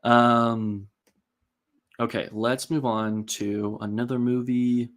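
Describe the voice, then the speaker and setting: A man's voice: mid-range voice, little pitch movement, slow pace. Chatty man hosting a casual live-stream. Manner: rambling and chatty, many ums and likes, reads and answers chat comments.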